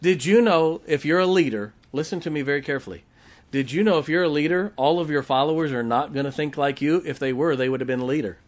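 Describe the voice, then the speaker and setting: A man's voice: a little high, fast. A middle-aged man preaching a folksy sermon, often asking the congregation questions. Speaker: pastor.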